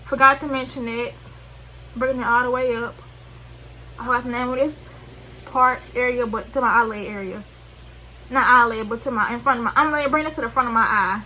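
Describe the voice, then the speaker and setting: In poor audio with slight background noise, a Southern US woman chats her way through a makeup tutorial as a beauty vlogger. Her slightly high voice sounds pushed and bright, moves a little fast, and keeps fairly even intonation. She rambles, uses slang, fixes her own wording, and loses track partway through sentences.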